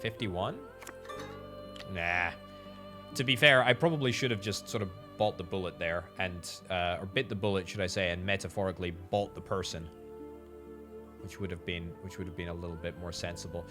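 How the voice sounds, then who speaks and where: A man giving chatty commentary while playing a management game, thinking out loud and repeating words for emphasis, with faint game music behind him. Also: low-pitched, steady tone, moderate pace. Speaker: game streamer. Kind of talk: gameplay commentary.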